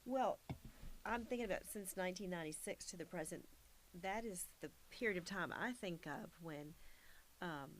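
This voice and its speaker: A woman's voice: on the low side, normal speed, a little hiss or hum. A woman interviewing a guest for an oral history project, attentive and thoughtful in her questions. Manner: attentive, frequent soft backchannels.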